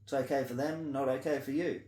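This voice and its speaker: A man with an Australian accent in a blunt, sweary rant to camera, swinging between loud outbursts and low mutters. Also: fairly even intonation, fairly quick, roomy sound. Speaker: vlogger. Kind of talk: ranting monologue to camera.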